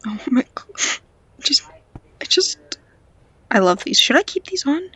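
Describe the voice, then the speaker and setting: A woman's voice: high-pitched, big pitch swings, unhurried, pushed and bright, breathy edge. A woman with a stuffy nose giving casual, playful commentary on a game she is playing at home, talking to the characters and now and then dropping into a whisper. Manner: drops to whispers at times. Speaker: game vlogger. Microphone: cheap home microphone.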